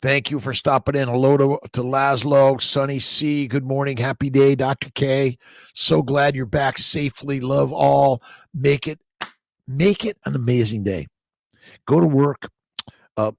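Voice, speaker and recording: A man with a gravelly, creaky voice hosts a casual livestream, reading viewer comments aloud and greeting people by name. His talk is rambling and upbeat, full of repeated catchphrases and restarted words. The sound is dry and close, with no room around it. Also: mid-range voice, dry recording. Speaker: livestream host.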